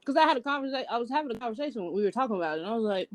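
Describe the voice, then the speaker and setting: A woman co-hosting a casual podcast, lively and blunt, laughing as she tells stories. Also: a little high, rapid-fire, dry recording. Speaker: podcast co-host.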